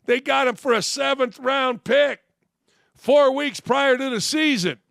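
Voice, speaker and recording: A brash man in his sixties hosting an opinionated sports talk show, rambling and animated. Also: extremely high pitch, unhurried, gravelly, dry recording, studio quality.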